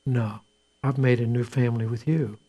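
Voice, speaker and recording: A man voicing a devoted young widow who refuses to leave her mother-in-law, speaking in a hushed, solemn way within a sermon. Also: medium pitch, steady tone, moderate pace, husky, dull audio, voice pushed down, natural voice.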